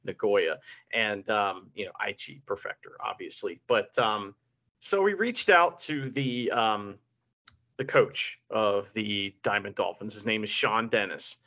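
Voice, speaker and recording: A man co-hosts a casual podcast in a deadpan, mock-serious manner. His voice is bright and forceful at a middle pitch. The audio is dull and lo-fi. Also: unhurried. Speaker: podcast co-host. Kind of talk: casual chat.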